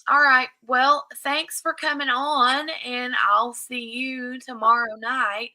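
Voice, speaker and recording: Bright-voiced woman hosting a livestream. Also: high voice, steady tone, slow pace, poor audio. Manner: chatty, thanks viewers and moderators by name. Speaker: livestream host. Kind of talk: casual livestream chat.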